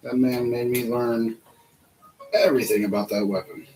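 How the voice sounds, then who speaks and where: A man's voice: mid-range voice, fairly even intonation, moderate pace, a little mellow, rough recording. A man hosting a casual build-along vlog, chatting to himself and laughing through his stories. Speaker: vlog host building a model kit.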